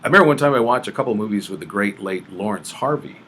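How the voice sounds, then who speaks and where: A man chatting quickly in a fairly low voice. He rambles, stacking up fillers while he searches for names. Faint background noise sits under him. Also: lively intonation, a bit bright. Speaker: guest with acting and production experience. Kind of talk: casual chat.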